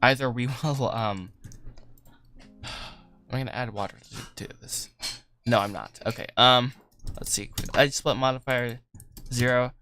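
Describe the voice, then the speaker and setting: Rambling streamer guy, bright and laughing, light music under him. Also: mid-range voice, measured pace, pauses often. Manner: rambling, self-deprecating, laughs often. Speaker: livestream host, animator. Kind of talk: casual livestream chat while working. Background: soft lofi music.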